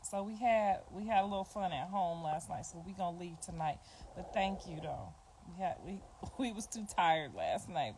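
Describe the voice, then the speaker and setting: A middle-aged woman speaks in a lowish voice, chatting bluntly and informally to her viewers on a phone livestream. She circles back to the same points again and again. Clear clicking noise sits behind her voice. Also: animated, moderate pace, a little mellow, poor audio. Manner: blunt, repetitive, informal talk. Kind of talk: casual livestream chat.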